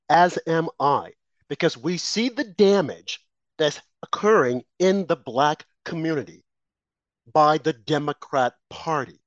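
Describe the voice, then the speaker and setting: A man hosting a political talk show, forceful and rhetorical. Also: a little high, dry recording, dull audio.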